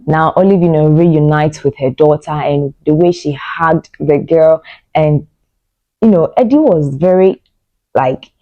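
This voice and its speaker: A woman's voice: sits low, a little slow, no room sound, phone-quality sound. A woman giving a casual movie review, retelling scenes emotionally with lots of fillers.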